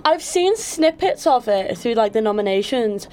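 A woman's voice: on the high side, animated, normal speed, dark tone. A woman co-hosting a live event show, playful and gossipy. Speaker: studio co-host.

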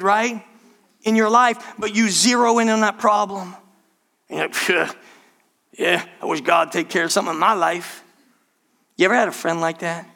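High, bright-voiced man preaching. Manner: animated preaching, acts out quoted voices, addresses the congregation as church. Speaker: pastor. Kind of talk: sermon.

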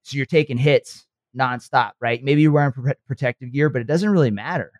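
A man in a motivational podcast talk, speaking earnestly like a coach and pausing to check that his listener follows. His voice sits at an ordinary middle pitch and is recorded close and dry, with no room around it. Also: no room sound. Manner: earnest, coaching, checks in with frequent "okay" and "right".

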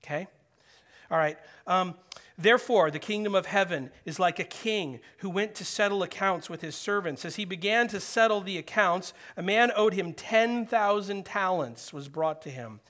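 A man preaching a sermon in a high, lively voice. He urges his listeners loudly, then drops to a near-whisper, and he acts out the voices he quotes while asking the room direct questions. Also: moderate pace. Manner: animated preaching, swings from loud urging to hushed near-whisper. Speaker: pastor.

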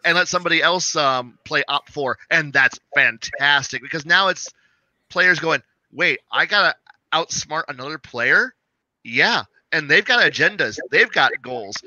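Bright, animated man on a lo-fi mic. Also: fairly high pitch, dry recording. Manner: animated, swearing, acts out quoted players. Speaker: game master, podcast co-host. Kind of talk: casual chat. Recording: dull, lo-fi and dry.

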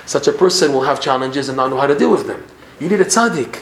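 A man gives a Torah class in a lively, teacherly way. He restarts phrases and acts out little examples. His voice sits in a roomy space with a faint hum of ambience behind it. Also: medium pitch, quick pace. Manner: animated, acts out examples, repeats himself.

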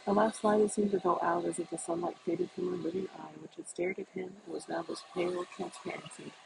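Gravelly, measured novel reader. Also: medium pitch, level tone. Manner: measured, deliberate reading with occasional restarts. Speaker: audiobook reader. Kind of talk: literary novel reading. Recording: noisy recording.

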